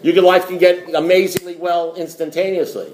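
A man's voice: high-pitched, level tone, moderate pace, a little mellow, a little hiss or hum. A middle-aged man giving a blunt, rambling recovery talk to a group, swearing and repeating himself. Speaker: AA meeting speaker.

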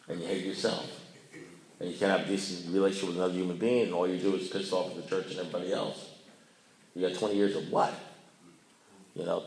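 Deep-voiced older man in an echoey room. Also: a little mellow, slight background noise. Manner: rambling, blunt, self-mocking storyteller. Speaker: AA speaker. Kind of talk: recovery meeting talk.

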